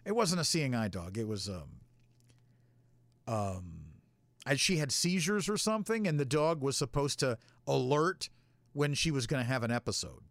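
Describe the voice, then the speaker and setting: A man's voice: medium pitch, big pitch swings, moderate pace, a bit bright, no echo. A man telling a long, rambling story in a casual, profane way as a show host.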